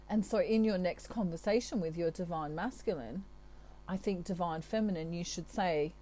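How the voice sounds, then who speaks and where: A woman from Australia talks through a channelled tarot reading with a low, mellow voice. She sounds chatty and reassuring and keeps adding little asides to the listener. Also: moderate pace, poor audio. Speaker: tarot reader.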